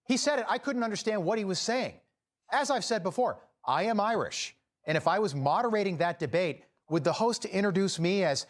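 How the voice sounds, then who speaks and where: A male commentator rants emphatically in a broadcast opinion segment. His voice sits high for a man, and he hammers each point with exasperated insistence. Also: expressive, brisk. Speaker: news commentator. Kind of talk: opinion monologue from a broadcast clip.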